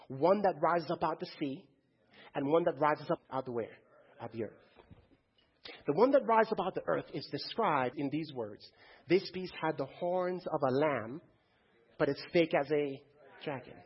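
A man's voice: a little high, husky, dull audio. A man preaching a sermon to a congregation in a church, firing rhetorical questions and calling on the crowd to answer.

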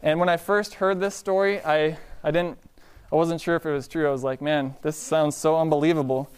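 A man preaching a sermon in a relaxed storytelling way, often asking the congregation "Amen?". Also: fairly high pitch, brisk, clean tone. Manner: conversational, calls out "Amen?" to the congregation.

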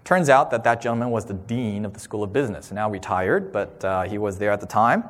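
A man in his thirties giving a sermon-style talk, telling a personal story with animated, acted-out voices. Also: fairly low pitch, fairly quick. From Southern California. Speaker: speaker. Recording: long hall reverb.

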